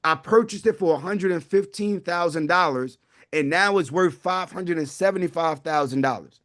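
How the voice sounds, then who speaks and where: His voice is high and a bit bright, and he talks at a moderate pace. As host of a live wealth-building webinar pitching to viewers, he sounds preachy and fervent, speaking straight to his audience.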